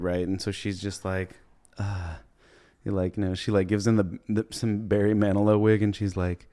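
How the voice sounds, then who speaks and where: A young man with a lowish voice rambles through a comedic movie recap, swearing freely. He laughs at his own retelling and keeps popping into quick impressions of the characters. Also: darkish tone. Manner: rambling, profane, laughs while retelling scenes and puts on brief character voices. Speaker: comedy podcast host.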